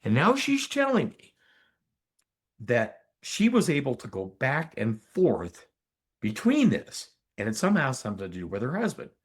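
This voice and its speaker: An older man speaks as a physician guest on a podcast, telling his story with emphatic, animated energy. His pitch sits mid-range but swings widely as he leans into the key moments, often pausing to check in with the listener. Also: husky. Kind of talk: conversational storytelling in an interview.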